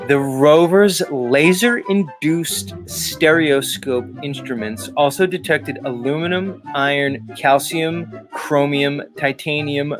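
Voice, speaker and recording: A male host ranting on his commentary show in an agitated, profane and rambling way. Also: mid-range voice. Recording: talk show with music playing underneath. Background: music.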